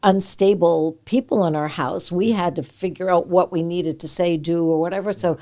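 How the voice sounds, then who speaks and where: An older woman in her seventies hosting a podcast chat, blunt and quick to swear. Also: lowish voice, mellow. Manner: blunt, swears, laughs easily. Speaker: podcast host. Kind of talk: casual conversation.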